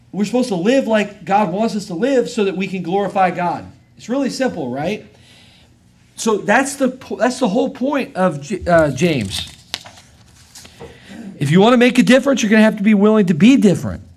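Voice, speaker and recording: An American man preaching a sermon as pastor, emphatic, swinging between loud and quiet, and reading scripture in a measured cadence. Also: high voice, lively intonation, husky. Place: church service.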